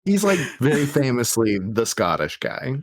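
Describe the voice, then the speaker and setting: Podcast co-host, male, animated and profane, dry close mic. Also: mid-range voice, normal speed, creaky, no room sound. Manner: loose, profane, jumps into silly voices. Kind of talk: casual movie chat.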